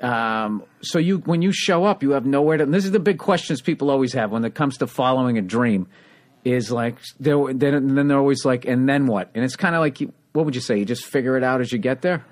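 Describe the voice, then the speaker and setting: A man's voice: mid-range voice, brisk. Chatty, candid podcast host man. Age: around 50. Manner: candid, chatty, swears casually. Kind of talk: casual interview chat.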